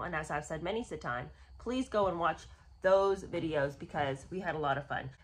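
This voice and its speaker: A woman hosts a casual book review show in a bright, forceful voice. Her pitch swings widely as she talks. She is sarcastic and exasperated in her asides. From United States. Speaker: host.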